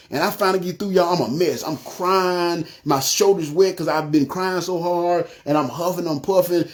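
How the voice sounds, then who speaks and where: A man giving a personal testimony to the camera, talking conversationally and calling his listeners y'all. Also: high-pitched. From North Memphis, USA. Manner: frequent "you know what I'm saying" fillers.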